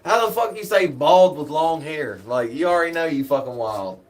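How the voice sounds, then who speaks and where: A man's voice: a little high, lively intonation, moderate pace, background noise. Laid-back cursing man telling stories. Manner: profane, laid-back, laughs often, rambling. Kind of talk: casual storytelling chat.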